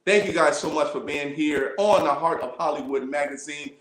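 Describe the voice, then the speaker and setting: A man hosting an online interview show, talking in a hyped, effusive style full of slang. His voice sits a bit high for a man, and it rings around an echoey room. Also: moderate pace, fairly bright tone. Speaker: host. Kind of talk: casual interview sign-off.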